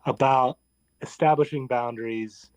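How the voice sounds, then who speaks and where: A man's voice: mid-range voice, steady tone, unhurried, no echo. A man co-hosting a conversation, reacting with encouragement and asking questions. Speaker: co-host. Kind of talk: casual conversation.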